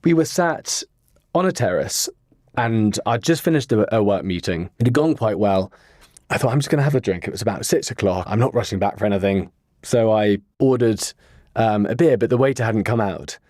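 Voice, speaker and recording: A man guest on a podcast, earnestly telling a personal story in a rambling way with pauses and fillers. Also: fairly low pitch, lively intonation, darkish tone, no room sound, studio quality. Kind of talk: casual interview storytelling.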